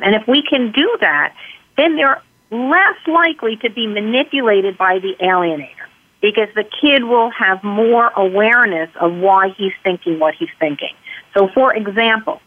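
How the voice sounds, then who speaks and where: A woman guest explaining parenting steps calmly, acting out sample lines she would say to a child. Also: on the high side, moderate pace. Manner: calm, explains in numbered steps, acts out sample dialogue. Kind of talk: interview answers. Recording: tinny phone-line sound.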